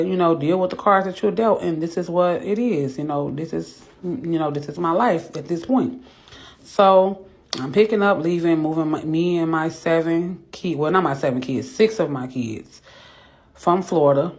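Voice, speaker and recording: A woman, a mother recording a rambling, emotional confessional vlog at home, teary from crying and talking herself through her morning out loud. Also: deep voice. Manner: rambling, talks to herself aloud. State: teary, has been crying. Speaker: vlogger, mother. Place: home bathroom and kitchen.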